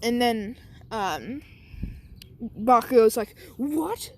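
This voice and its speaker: A woman's voice: on the high side, unhurried, background noise. A woman casually telling a made-up fan story, rambling with many fillers. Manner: rambling, lots of "like" and "um".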